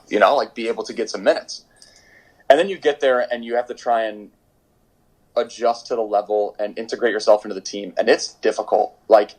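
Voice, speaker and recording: A man's voice: on the low side, rough recording. A young man, a pro soccer goalkeeper, chatting in an interview, rambling with lots of fillers and restarts. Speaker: professional soccer goalkeeper, guest. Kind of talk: casual interview storytelling. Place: home during quarantine.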